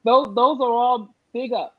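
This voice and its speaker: Earnest woman with a New Jersey accent, a candidate on a panel, a bit high-pitched, slightly muffled line. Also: steady tone, a little slow. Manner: earnest, emphatic, says "right?" often. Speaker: political candidate. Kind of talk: online panel conversation.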